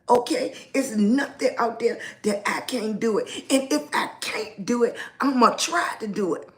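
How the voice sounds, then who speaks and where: A woman's voice: a little high, animated, moderate pace. A woman hosting a casual livestream, greeting viewers by name and speaking upbeat, affirming words of encouragement. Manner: motivational, speaks positive affirmations. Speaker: lifestyle blogger hosting a livestream. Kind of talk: casual live-stream chat.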